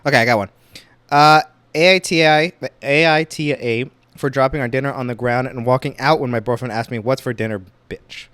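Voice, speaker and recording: A young man hosting a solo podcast, chatting casually and reading online posts aloud with quick exclamations. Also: medium pitch, steady tone, fairly bright tone, smooth, dry recording. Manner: casual, rambling, exclaims reactions while reading. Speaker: podcast host.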